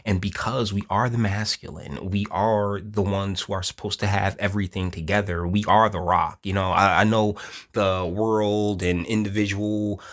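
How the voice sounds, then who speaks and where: Man with a low-ish voice, blunt, slangy, preachy commentator rant. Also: little pitch movement, normal speed, a bit bright. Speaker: online commentator. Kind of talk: casual opinion rant.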